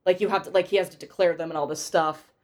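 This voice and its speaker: A woman with a slightly low voice talks through a film's plot in easygoing podcast chat. She rambles, hedges with fillers and circles back as she goes. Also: steady tone, fast, over a noisy crowd. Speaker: podcast co-host. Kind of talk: casual film-review chat.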